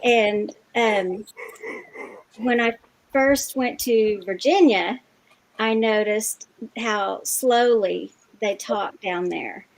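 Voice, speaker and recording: A woman in a casual group chat, speaking in an unhurried, thoughtful way with many pauses and fillers. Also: medium pitch.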